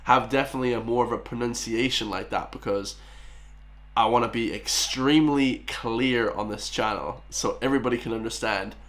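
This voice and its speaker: A man's voice: medium pitch, fairly even intonation, moderate pace, a bit bright. An Irish man hosting a reaction video, speaking in enthusiastic, slangy casual commentary straight to his viewers.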